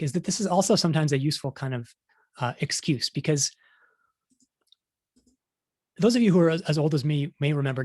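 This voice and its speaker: A middle-aged science journalist gives a conference talk in a conversational style, restarting often and acting out quotes as he goes. His voice is on the high side and a little mellow, captured with studio quality and no room sound.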